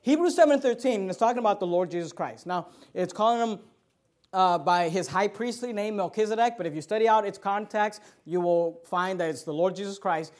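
A man with a notably high voice delivers a sermon from the pulpit. He preaches emphatically but conversationally, often restarting his sentences as he builds his point. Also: brisk, a little mellow. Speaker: pastor.

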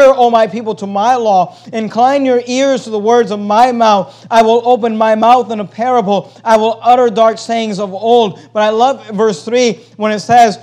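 A male pastor preaching a sermon, emphatic, swinging between loud and hushed and repeating phrases to drive his point home. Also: extremely high pitch.

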